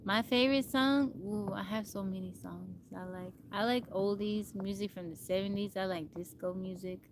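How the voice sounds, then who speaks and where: A woman's voice: mid-range voice, fairly even intonation, moderate pace, noisy background. A woman from Texas chatting casually on a phone livestream, laughing often and answering viewer comments. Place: outdoors in nature.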